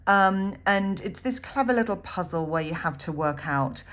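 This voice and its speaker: A woman teaching a poem in a recorded lesson, thinking aloud with frequent ums and pausing as she annotates notes on the page. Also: medium pitch, lively intonation, fairly bright tone. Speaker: literature teacher. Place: at a desk writing notes.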